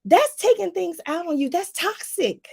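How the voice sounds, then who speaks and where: Woman life coach talkin to y'all, aave, lively, laughs a lot, bit of fry. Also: very high-pitched, normal speed. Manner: animated, laughing, talks straight to the viewer with "y'all". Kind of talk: casual advice talk to viewers.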